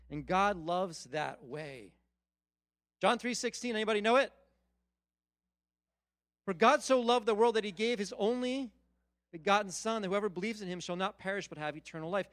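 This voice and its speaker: High-voiced man preaching a sermon. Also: normal speed, long pauses, dry recording, studio quality. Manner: animated, repetitive emphasis with stammered restarts. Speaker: pastor.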